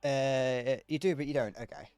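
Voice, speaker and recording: A man's voice: medium pitch, normal speed, darkish tone, clean tone, no echo, faint music behind. A man chatting casually on a live stream while gaming, rambling, joking and answering chat messages.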